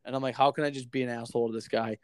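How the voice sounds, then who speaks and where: A man's voice: mid-range voice, racing, smooth, dry recording. A man telling a long story in casual chat, swearing often and acting out the other people in it. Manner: profane, animated storyteller.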